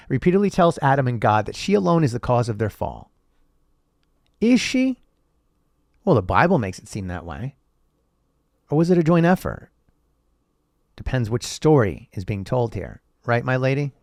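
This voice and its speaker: Reading old texts on his podcast, this host goes off on profane, sarcastic, rambling tangents and laughs at his own jokes. His mid-range voice is creaky and a little mellow, captured in a dry recording with clean studio sound.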